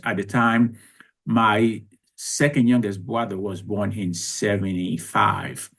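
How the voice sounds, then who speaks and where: Man, sixties, lower register, reflective interview storyteller. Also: flat delivery, slow, creaky, a bit bright, breathy edge. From Haiti. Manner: reflective, conversational, with frequent restarts. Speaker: guest.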